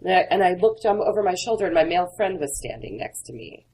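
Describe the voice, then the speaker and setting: Low-voiced woman telling candid stories. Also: lively intonation, quick pace, mellow, slightly rough, low-quality recording. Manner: earnest, candid storytelling. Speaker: author. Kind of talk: interview conversation.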